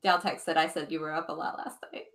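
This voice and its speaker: A woman's voice: low voice, fairly even intonation, fast, fairly bright tone. A woman co-hosting a casual live stream, reading viewer comments and giggling often. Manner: chatty, giggly.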